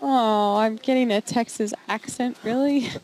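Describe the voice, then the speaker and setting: A woman's voice: a little high, steady tone, darkish tone, a little hiss or hum. A woman with a Hawaiian accent, playfully chatting while gaming with family. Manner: playful, quick to complain. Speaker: wife playing along. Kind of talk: casual game chat.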